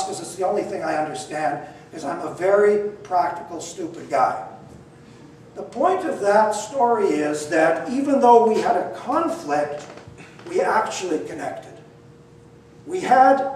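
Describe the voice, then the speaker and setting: An older man telling a personal story in an animated, self-deprecating way, acting out the dialogue himself. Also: high-pitched. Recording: echoey room, distant mic, faint noise.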